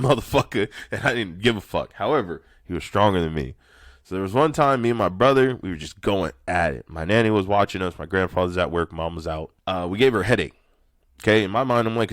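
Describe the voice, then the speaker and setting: Young male host, low voice, dry close sound, ranting story with swearing and big swings in volume. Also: no echo. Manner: profane, animated, swings from shouting to muttering. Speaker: podcast host. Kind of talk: ranty personal storytelling.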